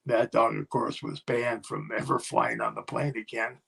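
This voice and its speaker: An older man, a former pro wrestler, telling a road story in a casual interview and acting out other people's yelling. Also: mid-range voice, steady tone, normal speed. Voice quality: gravelly, husky.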